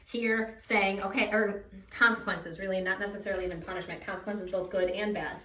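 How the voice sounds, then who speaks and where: A woman dog trainer explaining a session while coaching the dog with quick commands and bright praise. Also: fairly even intonation. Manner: talks to the dog between explanations, high praise bursts. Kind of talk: casual training commentary. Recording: echoey room from far off, faint noise.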